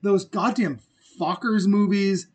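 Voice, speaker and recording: A man with a notably high-pitched voice trades casual, profane movie opinions as a podcast co-host. He talks bluntly and with plenty of enthusiasm. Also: steady tone, slow, husky. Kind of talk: casual movie-review chat.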